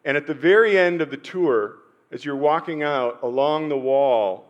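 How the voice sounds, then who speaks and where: A middle-aged man preaching a sermon as pastor, telling personal stories with pauses and sudden swells in loudness. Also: fairly high pitch, highs cut off.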